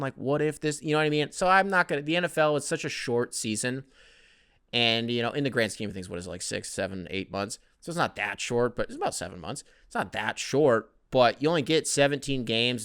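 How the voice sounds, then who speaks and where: A man's voice: medium pitch, fairly bright tone, clean tone, no echo. A man hosting a casual solo podcast who answers listener emails in a rambling, profane, conversational way, close to the mic. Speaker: podcast host.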